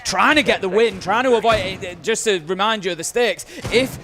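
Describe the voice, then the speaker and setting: A man's voice: high voice, moderate pace, a bit bright. A British man in his thirties casting esports, easygoing and explaining with fillers and asides. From United Kingdom. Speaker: esports caster. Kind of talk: casual live esports commentary.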